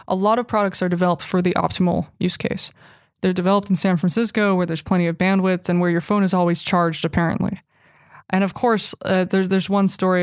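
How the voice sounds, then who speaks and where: A woman speaking as an interview guest, an animated storyteller with wry asides, talking casually about technology. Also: lowish voice, dry recording, studio quality. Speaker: guest, cyborg anthropologist.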